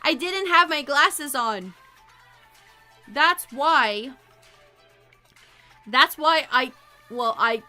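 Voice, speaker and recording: High, bright-voiced young woman streamer. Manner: animated, rambling storytelling with frequent laughs. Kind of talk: casual livestream chat.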